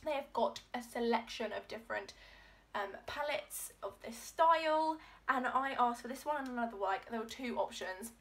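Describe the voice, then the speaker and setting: A woman's voice: a little high, normal speed, a bit bright. Gushing young woman vlogger. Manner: gushing, gasping, lots of "oh my god". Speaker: beauty vlogger. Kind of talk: excited unboxing vlog.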